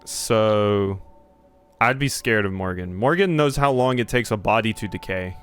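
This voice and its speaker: A man's voice: lowish voice, lively intonation, measured pace, smooth. A young man live-streaming a game, chatting casually with his viewers in a rambling, jokey way, swearing and reading game text aloud. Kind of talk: casual live-stream chat while gaming.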